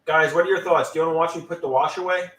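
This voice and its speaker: A man's voice: fairly high pitch, fairly even intonation, rapid-fire, fairly bright tone. A man chatting casually on a live stream from home, rambling with lots of stammered restarts. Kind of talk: casual livestream chat. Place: at home, doing laundry. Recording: roomy, from a distance.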